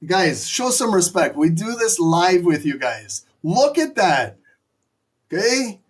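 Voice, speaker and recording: A man hosting a live trading stream, giving excitable, profane, joking play-by-play commentary as the price moves. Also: sits high, slow, slightly rough.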